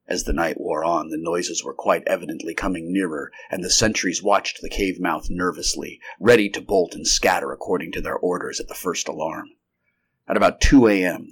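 Male narrator with a fairly low voice, reading a vintage sci-fi story steadily and without rehearsal. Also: a bit bright, slightly rough.

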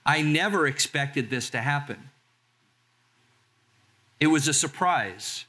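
Bright-voiced pastor in his sixties. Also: a little high, expressive. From Southern California. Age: 60s. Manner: conversational, reads scripture slowly. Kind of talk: sermon.

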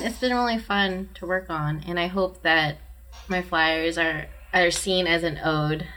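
A woman's voice: deep voice, sharp tone. A woman hosting a casual podcast, chatting loosely with lots of ums and likes. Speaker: podcast host. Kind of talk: casual chat.

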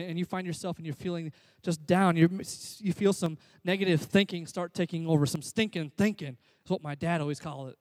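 A pastor preaching a sermon, swinging from loud, emphatic calls to soft, near-whispered passages. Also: male voice, fairly high pitch, quick pace, no echo.

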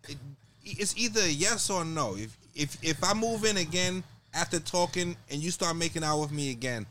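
A man's voice: fairly high pitch, expressive, moderate pace, pushed and bright, slight background noise. A man co-hosting a podcast, bluntly retelling a story in casual chat. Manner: blunt, retells stories with quoted voices. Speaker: podcast co-host.

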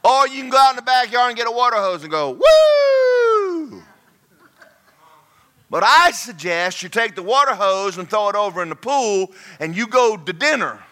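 Lively high-voiced preacher. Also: male voice, brisk, hardly any pauses. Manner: folksy, repeats himself, preaches in bursts. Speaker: pastor. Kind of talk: sermon.

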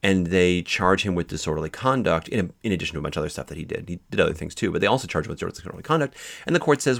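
Low gravelly man lecturing on law. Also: animated, very fast, a bit bright. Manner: explanatory, with many fillers and restarts. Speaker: law instructor. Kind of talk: recorded lecture.

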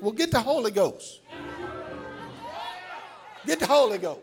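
Male pastor with a high, gravelly voice, preaching loud with call-and-response, faint music underneath. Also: lively intonation, normal speed, long pauses, some chatter behind. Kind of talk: sermon.

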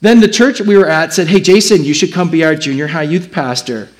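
Man preaching a lively sermon. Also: on the high side, a little fast. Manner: animated storytelling, plays out his own past replies. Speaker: pastor.

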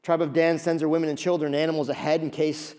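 A man preaching a sermon, telling a story with animated asides and acted-out voices. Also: on the high side, quick pace. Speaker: pastor.

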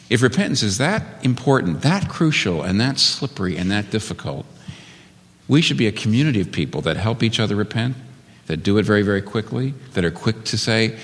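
Lively, low-voiced male preacher in a hall. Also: fairly quick. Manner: earnest, emphatic preaching with rising emphasis. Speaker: pastor. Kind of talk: sermon.

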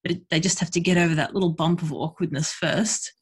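A woman's voice: fairly low pitch, fairly even intonation, quick pace, slightly rough. A woman, a guest in a casual conversation, talking frankly and chattily with lots of fillers. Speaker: guest, sex worker and educator.

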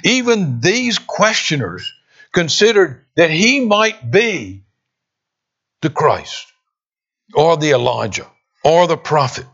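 A man preaching a sermon, expressive, with dramatic pauses and emphatic quoted lines. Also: on the high side. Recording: dull lo-fi sound.

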